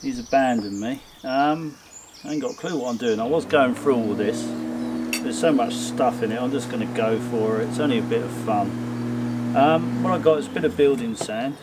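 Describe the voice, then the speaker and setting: A man chatting casually as a bushcraft vlogger in his garden, rambling and self-mocking, often slipping into high coaxing talk for his pets. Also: moderate pace. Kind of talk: casual chat while working outdoors. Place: home garden outdoors. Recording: noisy outdoor garden recording.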